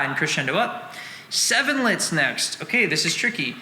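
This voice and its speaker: A man's voice: on the high side, very animated, moderate pace, a little hiss or hum. A man teaching a drum lesson, breaking down snare rhythms and counting and singing the beats aloud in syllables while explaining with casual fillers. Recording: roomy echo with long reverb, loud drum music behind. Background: drum line music.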